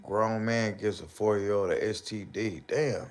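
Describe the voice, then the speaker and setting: A man with commentating a live stream, ranting and joking loudly with slang and mocking put-on voices. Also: fairly low pitch, measured pace. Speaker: streamer reacting to videos.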